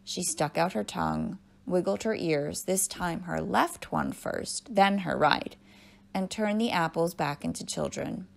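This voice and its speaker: Creaky-voiced woman reading a children's story. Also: fairly low pitch, a little slow. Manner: clear, storytelling read-aloud. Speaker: librarian.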